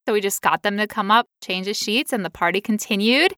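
A young woman telling a long story in casual chat, animated and acting out quotes in high voices. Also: brisk, few pauses, no room sound, studio quality.

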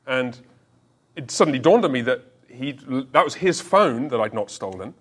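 A man's voice: medium pitch, expressive, fairly bright tone, husky. A pastor in his forties preaches with a mid-range voice. He tells his story with self-deprecating humor and often stumbles and restarts his words. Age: 40s. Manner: halting restarts, repeats words. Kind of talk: sermon.

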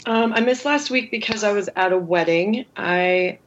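A woman's voice: medium pitch, normal speed, muffled recording, a little hiss or hum. A woman joining a podcast over a video call, talking earnestly and a little self-deprecatingly about her week. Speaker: podcast guest, student. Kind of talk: casual chat.

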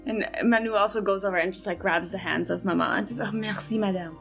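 A woman's voice: mid-range voice, quick pace, gravelly, music in the background. A woman playing a tabletop game, casually describing what her character does. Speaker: player.

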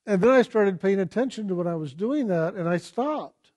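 A man giving a reflective spiritual talk, telling personal stories and asking gentle, searching questions. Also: high voice, animated, moderate pace. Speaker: spiritual teacher.

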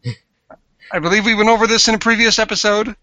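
A man co-hosting a casual podcast chat. He is teasing and blunt, with quick jabs. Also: high voice, fairly even intonation, bright, forceful tone, no room sound. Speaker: podcast co-host.

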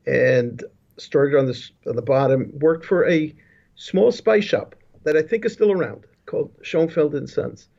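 Speaking at an unhurried pace, a man with a higher-side voice that is gravelly, darkish and expressive recounts his life as a guest on a video-call interview. He is a business leadership consultant who rambles, restarting often and wandering into asides, over dull lo-fi audio.

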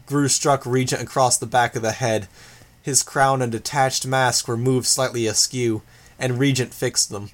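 This audiobook reader is a man of medium pitch, narrating a novel from a script in a steady, measured way.

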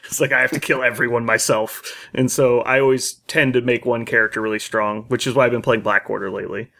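Man co-host, mid pitch, relaxed gaming banter with frequent laughs. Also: fast, gravelly. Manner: laughs often, animated storytelling. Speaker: podcast co-host. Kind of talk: casual gaming chat.

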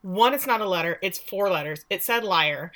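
A woman's voice: medium pitch, heavy background noise. A woman co-hosting a podcast, recapping a TV series in casual, sarcastic chat and acting out the characters' lines. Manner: chatty and sarcastic, acts out quotes with voices.

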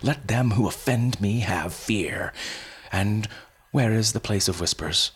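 A man's voice: lowish voice, takes it slowly, slightly rough, pitched above the performer's own voice, exaggerated voice. A man voicing a boastful young swordsman with a swaggering, grandiose manner. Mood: cocky.

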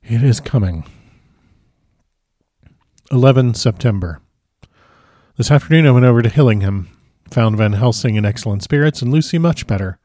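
A man narrating a classic novel in the first person with measured, formal diction. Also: medium pitch, expressive, warm tone, no room sound, clean studio sound. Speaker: audiobook narrator.

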